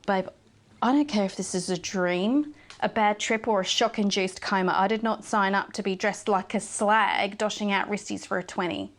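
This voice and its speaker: A woman playing a blunt news anchor in a video game, speaking with an Australian accent. She complains in exasperated, swearing bursts at a middling pitch. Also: normal speed, natural voice. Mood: fed up.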